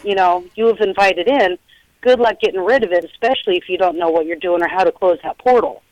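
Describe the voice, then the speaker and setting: A middle-aged woman, a paranormal investigator, telling stories in a chatty, animated way over a phone line and acting out the quotes. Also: fairly low pitch, fast, dry recording. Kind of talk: casual storytelling interview.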